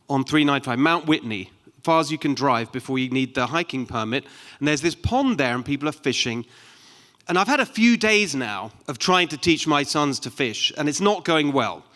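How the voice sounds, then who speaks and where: A middle-aged man with a British accent speaks in a somewhat high voice. He tells stories in a loose, chatty way. The long reverb of a big conference hall trails his words through the venue PA. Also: a bit bright. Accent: British English. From United Kingdom. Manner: conversational, anecdotal, with frequent ums. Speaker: keynote speaker. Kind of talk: conference speech.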